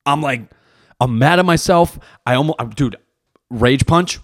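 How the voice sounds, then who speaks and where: A man's voice: medium pitch, unhurried, no room sound. Guy in his 30s ranting on his podcast, cusses a lot, keeps saying dude, dry close sound. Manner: profane, animated storytelling with fillers like "right?" and "dude". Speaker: podcast host; jiu-jitsu competitor. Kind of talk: casual monologue.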